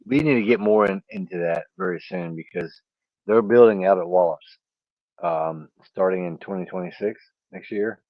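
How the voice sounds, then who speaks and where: Low voice guy cohosting, joking around, dull lo-fi sound. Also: moderate pace, no room sound. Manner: enthusiastic, joking. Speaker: co-host. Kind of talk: casual livestream chat. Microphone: online audio call. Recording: dull lo-fi audio.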